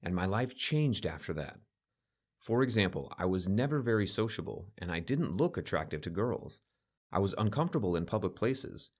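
A man's voice: low voice, big pitch swings, moderate pace, breathy edge. A man narrating a first-person story in a confiding, scripted manner.

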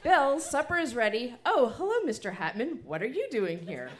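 A woman voicing a brisk, kindly mother from a children's story. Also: on the high side, sing-song, very noisy, pitched above the performer's own voice.

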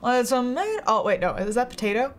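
Game music plays with slight background noise as a young streamer chats to her viewers mid-game, giggly and talkative. Her voice is a little high, very animated and a little fast.

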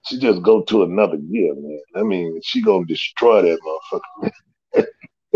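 A man telling stories in casual slangy talk, animated and loose, often laughing. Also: normal speed, vocal fry, highs cut off. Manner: animated, loose slangy storytelling with big pitch jumps and laughs. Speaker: guest storyteller. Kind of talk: casual storytelling.

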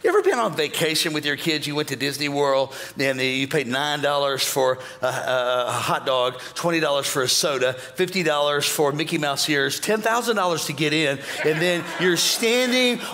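A man preaching a sermon as pastor, joking with the congregation and bursting into shouts and mock voices. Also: fairly high pitch, normal speed, few pauses, slight background noise. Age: older.

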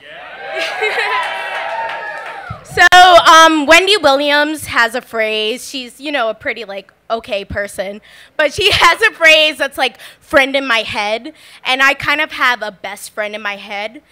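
A woman's voice: high voice, expressive, takes it slowly, pushed and bright. A young woman from Philadelphia telling a comic personal story on stage at a story slam, chatty and full of "like" fillers, laughing often. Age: young adult. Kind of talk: live comedic storytelling. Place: live story slam at a bar venue.

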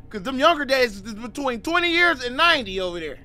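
Dude with a high bright voice hyping up a horror game, slangy, cussing, cracking jokes at everything. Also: male voice, fast. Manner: animated, slangy and joking, swears freely; reads game text aloud and riffs on it. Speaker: gaming YouTuber. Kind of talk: casual let's-play commentary.

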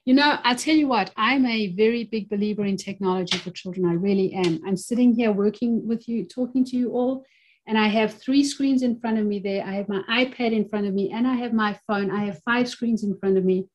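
A woman's voice: medium pitch, a little fast, lo-fi sound. A woman in her fifties, an occupational therapist speaking as a guest in a webinar interview, talking earnestly and repeating phrases to stress her points over a video-call microphone.

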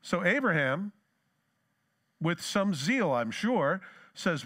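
A pastor delivers a sermon in a fairly high voice for a man. He moves between easy, joking asides to the congregation and scripture readings that climb in force. The delivery stays conversational throughout. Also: sing-song, slow pace, pauses often, pushed and bright. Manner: conversational and joking, reads scripture with rising emphasis. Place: church sanctuary.

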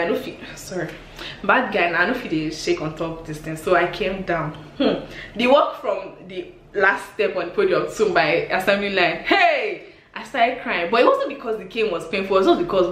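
A woman in her twenties with a Nigerian accent, telling embarrassing stories on her vlog in an animated, exclamatory way, laughing often. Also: mid-range voice. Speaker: vlogger. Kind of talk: storytime vlog. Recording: echoey room with faint hiss.

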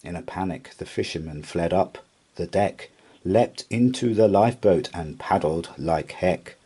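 A man reading a rhyming children's picture book aloud in an expressive storytelling voice. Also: low-pitched, husky. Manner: slow, expressive rhyming delivery. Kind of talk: children's read-aloud narration.

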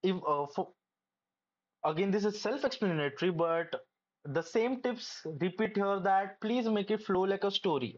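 A young adult medical student giving casual, hesitant advice with many pauses and restarts. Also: mid-range voice, muffled recording.

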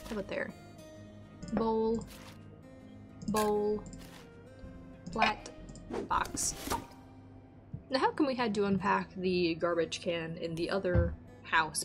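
A woman's voice: medium pitch, slow, long pauses, over music. A woman streaming a game, chatting casually to herself and her viewers and getting exasperated now and then. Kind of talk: casual let's-play chat.

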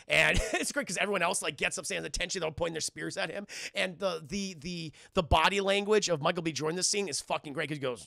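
A man's voice: a little high, fast talker, gravelly, sharp tone, dry recording. A young man chatting casually on a livestream, rambling and swearing as he animatedly acts out quotes while reviewing a film into a close microphone.

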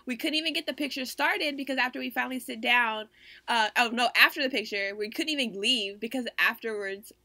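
A woman's voice: a little high, a little fast, bright, forceful tone, no echo. A young woman co-hosting a podcast in casual chat, upbeat and enthusiastic, laughing as she talks. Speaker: podcast co-host.

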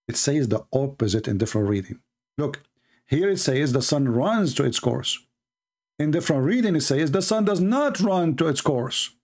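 A man's voice: on the high side, very animated, moderate pace, a little mellow. A man giving mocking, polemical commentary as a religious debater, sarcastic and taunting.

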